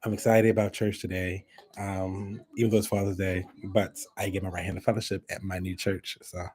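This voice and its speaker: A man hosting a casual giveaway vlog at home, chatting as he draws winners, laughing often and breaking into high excited squeals. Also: brisk. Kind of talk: casual chat while drawing giveaway winners.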